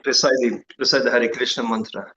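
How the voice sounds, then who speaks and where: Man chanting slowly, bright tone. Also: medium pitch, fairly even intonation, muffled recording, slight background noise. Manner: slow, drawn-out chanting. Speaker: class attendee leading a mantra. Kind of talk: casual talk and mantra chanting.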